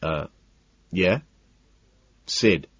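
A man voicing a blunt, unimpressed male limo driver who talks in a flat, offhand way. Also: deep voice, very slow, breathy edge, no room sound, muffled recording, heavily acted.

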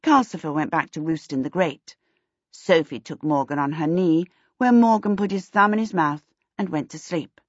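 Husky-voiced woman narrating a storybook. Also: sits low, moderate pace, no echo. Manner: calm, steady storytelling. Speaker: audiobook narrator. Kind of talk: scripted narration. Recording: slightly dull, dry recording.

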